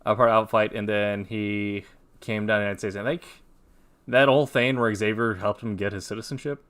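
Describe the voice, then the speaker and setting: A man with a low, smooth voice joins a casual chat. He fills in details haltingly, pausing to find his words. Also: steady tone, fairly bright tone. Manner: hesitant, halting interjections.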